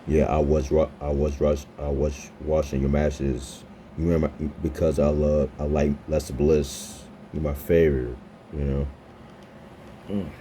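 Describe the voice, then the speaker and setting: Young guy in his 20s, super deep dark voice, stumbles and repeats himself a lot. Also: little pitch movement, slight background noise. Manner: halting, stammering, repeating words. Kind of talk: casual chat with an AI character.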